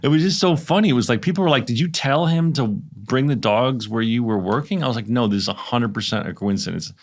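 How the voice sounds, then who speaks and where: Gravelly-voiced man telling rambling stories. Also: mid-range voice, quick pace. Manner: animated storyteller, rambling with fillers. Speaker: podcast co-host. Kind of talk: casual chat.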